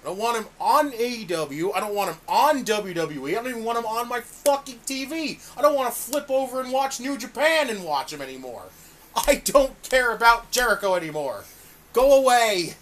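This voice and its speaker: A man's voice: extremely high pitch, sing-song, fairly quick, hardly any pauses, fairly bright tone. A man co-hosting a casual podcast, ranting with exasperation and constant swearing. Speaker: podcast co-host reviewing wrestling. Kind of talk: casual profane chat.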